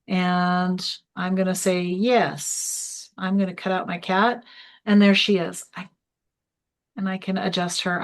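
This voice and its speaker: A woman instructor giving a live online tutorial, chatty and explaining step by step as she clicks through an app. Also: medium pitch. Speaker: small business workshop instructor.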